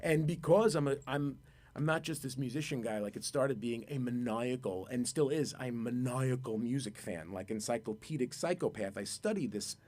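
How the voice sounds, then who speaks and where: A man from Brooklyn, a musician guest telling a long, excitable story in a radio studio and repeating his words. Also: mid-range voice, normal speed. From Brooklyn, New York. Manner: rambling, excitable, repeats words, acts out voices.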